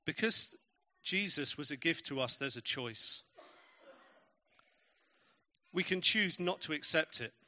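A man's voice: fairly high pitch, lively intonation, takes it slowly, long pauses, bright, forceful tone. A man preaching a sermon, telling stories with emphatic, varied pacing.

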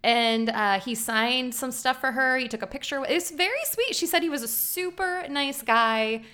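A woman's voice: high voice, normal speed, pushed and bright. A woman with a Minnesotan accent co-hosting a podcast, chatting casually and gushing enthusiastically with frequent giggles. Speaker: podcast co-host. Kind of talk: casual chat.

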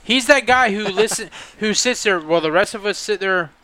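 A man's voice: high-pitched, normal speed, sharp tone. A man co-hosting a casual podcast chat, ranting with exasperation and heavy swearing about a coworker. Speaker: podcast co-host.

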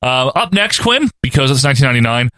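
A man's voice: mid-range voice, fast talker, dry recording, clean studio sound. A man co-hosting a casual podcast, running through match action play by play and laughing often. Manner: lively play-by-play, laughs often, mimics commentators. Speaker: podcast co-host. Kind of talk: casual wrestling recap chat.

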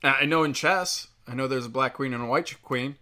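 A man's voice: mid-range voice, a little fast, sharp tone. A man delivering a heated, profane opinion rant, rambling with fillers as he talks.

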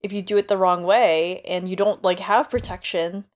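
A woman's voice: mid-range voice, fairly even intonation, moderate pace. Chatty woman podcast co-host. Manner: chatty, acts out quotes in asides. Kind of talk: casual chat.

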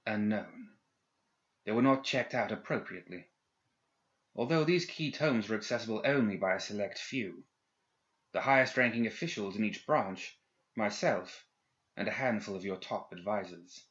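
A man doing a prim stoic male secretary, clipped formal answers, low voice, muffled sound. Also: normal speed, a bit bright, close to an everyday voice. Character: small stoic male secretary with pince-nez. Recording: dull lo-fi recording.

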